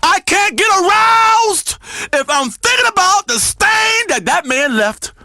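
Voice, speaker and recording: A brash, bellowing radio guru. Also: male voice, high voice, big pitch swings, moderate pace, dry recording, clean studio sound, heavily acted. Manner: loud, preachy, crude and boastful, swings between growls and shouts. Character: brash self-styled spiritual guru, male radio host. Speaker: radio talk show host. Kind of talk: comedic radio talk show.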